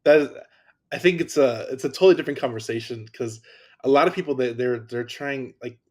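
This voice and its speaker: A man's voice: mid-range voice, fairly quick. A man hosting a podcast in casual conversation, enthusiastic and often repeating words as he talks. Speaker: podcast host. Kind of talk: casual interview talk.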